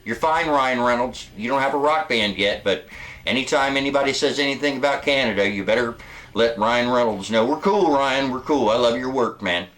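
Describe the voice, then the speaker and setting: A man's voice: mid-range voice, a little fast, fairly bright tone, faint music behind. A man hosting a comedic horror film show, sarcastic and rambling, bickering with an off-mic sidekick. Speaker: host.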